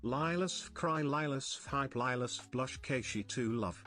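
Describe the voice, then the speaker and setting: A synthetic male voice reading viewer messages aloud in an even, mechanical way. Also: medium pitch, normal speed, faint music behind. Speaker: text-to-speech alert voice.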